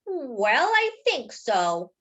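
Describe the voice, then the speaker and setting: A woman voicing a male baker who talks in a calm, plain-spoken way. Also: a little high, very slow, muffled recording, full character voice. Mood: matter-of-fact. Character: matter-of-fact male baker.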